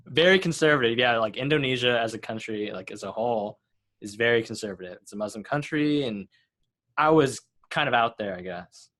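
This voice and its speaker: A young man hosts a relaxed podcast in a mid-range voice. He talks in an easygoing, friendly way and laughs easily, with quick supportive replies to his guest. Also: medium pitch. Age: 20s. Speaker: podcast host. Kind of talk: casual podcast chat.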